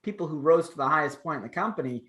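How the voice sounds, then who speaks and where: A man's voice: a little high, animated, very fast, fairly bright tone. A man in his thirties co-hosting a casual wrestling chat show, talking in long rambling runs with fillers and restarts. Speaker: podcast co-host.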